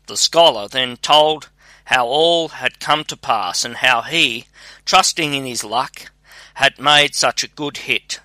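Man, audiobook narrator, fairy tale reading, slow pace, bright sharp voice. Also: medium pitch, dry recording. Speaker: audiobook reader. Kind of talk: scripted storybook narration.

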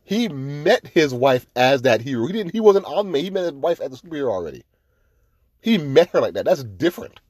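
Guy on a podcast going off on a show review, lots of cursing, warm low-key tone, dry close sound. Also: very animated, brisk, breathy edge, no echo. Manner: profane, ranting, growing heated. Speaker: podcast host. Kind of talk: casual review chat.

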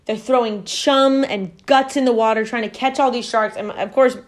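A woman's voice: a little high, steady tone, moderate pace. A woman hosting a casual podcast at home, telling a family story in a rambling way full of fillers and self-corrections. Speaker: podcast host.

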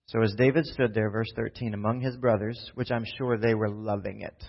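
A man's voice: fairly low pitch, fairly even intonation, brisk, gravelly, few pauses, breathy edge. A man preaching a sermon in a casual storytelling manner, often checking in with "right?". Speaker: pastor. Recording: dull lo-fi sound.

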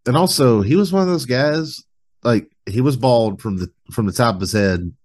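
A man's voice: mid-range voice, normal speed, darkish tone. A man hosting a podcast, chatting casually and jokingly, swearing freely as he rambles. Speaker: podcast host. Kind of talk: casual chat.

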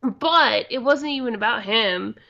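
Woman cohost, super creaky fry voice, slangy chatty, kinda muffled lo-fi mic. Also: fairly high pitch, pushed and bright. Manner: chatty, quick quoting asides, slangy. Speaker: podcast co-host. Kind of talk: casual chat reviewing a comedy show. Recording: slightly dull lo-fi mic.

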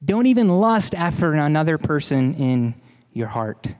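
A man's voice: on the high side, sing-song, measured pace, darkish tone. Earnest preacher man in a reverberant hall. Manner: earnest, emphatic preaching with repetitions. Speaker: pastor. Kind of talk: sermon.

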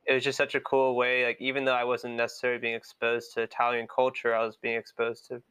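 A man's voice: mid-range voice, monotone, fast talker, a bit bright, clear, resonant tone, no echo. A young American man with an American accent, hosting a podcast in easygoing, reflective casual chat. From United States. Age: young adult. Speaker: podcast host.

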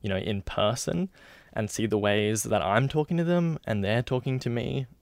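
A man's voice: mid-range voice, expressive, normal speed, gravelly, no room sound. Chatty man, dry sound. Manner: chatty and rambling, laughs at himself, many fillers. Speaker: aspiring actor and filmmaker. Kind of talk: casual advice talk to camera.

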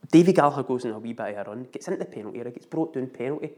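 A middle-aged man with a Scottish accent telling a story in casual chat, animated and laughing often. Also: medium pitch, very fast.

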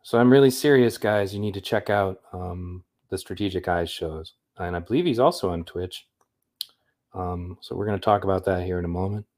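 A man's voice: low-pitched, moderate pace, a little mellow. A man hosting a livestream in a rambling, upbeat, chatty way. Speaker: livestream host. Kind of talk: casual livestream chat.

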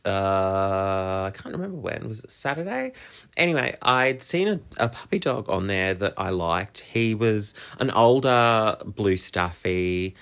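A man's voice: fairly low pitch, lively intonation, unhurried, vocal fry, a bit bright, clean tone. Heartfelt man hosting a podcast. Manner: open, heartfelt and reflective. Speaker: podcast host. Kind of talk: candid solo podcast monologue.

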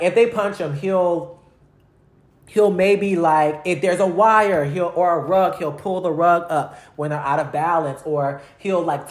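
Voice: medium pitch, echoey room. Rambling young adult vlogger, slangy. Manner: rambling, filler-heavy, slangy. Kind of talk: casual rambling monologue.

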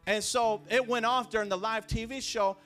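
A man preaching a sermon as pastor, talking in a conversational way with repeated phrases and restarts, dropping quiet and then rising loud. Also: high voice, steady tone, moderate pace, smooth, soft background music. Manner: swings between hushed and raised. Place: church sanctuary.

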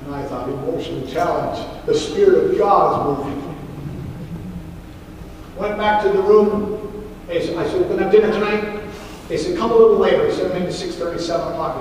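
This sermon storytelling comes from a man preaching as a pastor in a large hall or church, vividly voicing each character's lines. His voice sits high and moves fairly quickly, broken by long pauses, with slight background noise. The sound is distant and echoey with faint ambience.

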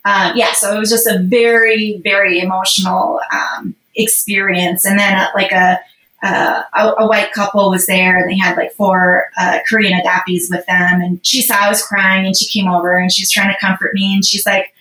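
A woman's voice: mid-range voice, level tone, normal speed, bright, forceful tone. Chatty woman guest in an echoey room. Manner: rambling, emotional, heavy on fillers. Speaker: podcast guest. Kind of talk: casual personal storytelling. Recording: roomy echo.

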